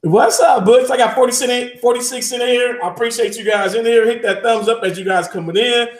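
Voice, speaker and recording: A man's voice: very high-pitched, brisk, echoey room. A man hosting a live stream interview, hyping his guest and asking viewers to like and post questions. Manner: hypes the guest, asks viewers to engage. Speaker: host.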